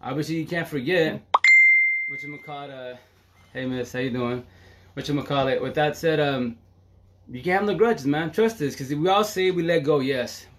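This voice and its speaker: A man talking fast on a casual live stream, excitable and slangy, swearing freely and filling his talk with "you know". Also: fairly high pitch, slight background noise. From Seattle area. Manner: fast, excitable, slangy and profane with constant fillers. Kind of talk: casual Facebook Live monologue.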